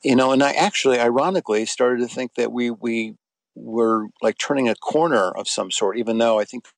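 A man's voice: mid-range voice, a little fast, vocal fry, no room sound. Man, middle-aged, interview guest, rambling anecdotes, fillers and restarts, dry close sound. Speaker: interview guest, former soap actor. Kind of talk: casual interview storytelling.

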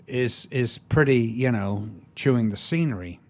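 An older man from England, a guest in an interview, spinning stories with lots of animation. His voice sits at a middling pitch and he talks in a relaxed, unhurried way. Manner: animated storyteller, acts out quotes. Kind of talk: anecdotal interview chat.

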